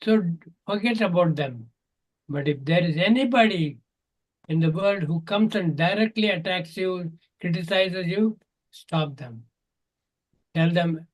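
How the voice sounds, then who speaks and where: A man's voice: high voice, measured pace, rough recording. An older man with an Indian English accent, a natural health teacher telling stories earnestly and acting out the dialogue. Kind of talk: storytelling advice in an online Q&A.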